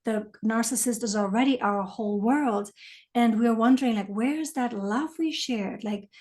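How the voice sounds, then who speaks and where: Thoughtful woman guest with a mellow, slightly high voice who explains things patiently. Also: normal speed. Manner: thoughtful, explanatory, trailing off softly. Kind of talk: conversational interview.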